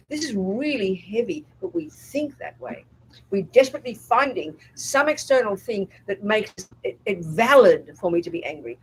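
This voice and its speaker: A woman's voice: mid-range voice, sing-song, moderate pace, breathy edge, low-quality recording. A woman, a Buddhist nun, giving a dharma talk at a retreat. She speaks bluntly and with emphasis, often checks whether the group follows her, and acts out inner voices in quotes. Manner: emphatic and blunt, asks the audience if they follow.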